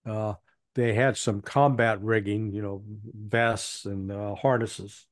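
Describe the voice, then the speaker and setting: A man's voice: fairly low pitch, steady tone, takes it slowly, no room sound, studio quality. A man being interviewed as an analyst, speaking bluntly with a rambling, self-correcting flow. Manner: rambling, frequent restarts and fillers, blunt. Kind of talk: casual spoken commentary.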